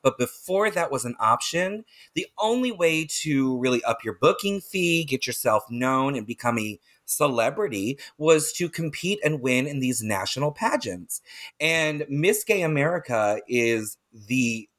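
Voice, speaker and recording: A man's voice: medium pitch, expressive, unhurried, fairly bright tone. A man hosting a podcast, chatty and gushing, rambling into side stories and laughing often. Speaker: podcast host. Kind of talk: casual interview chat.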